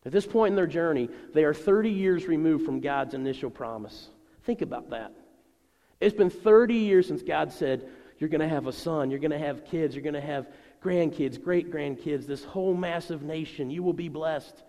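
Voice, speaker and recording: A middle-aged male pastor preaching a sermon to his congregation in a conversational, animated way. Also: a little high, normal speed. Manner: conversational and animated, voicing people in his stories. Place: church sanctuary. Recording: long reverb of a large church hall.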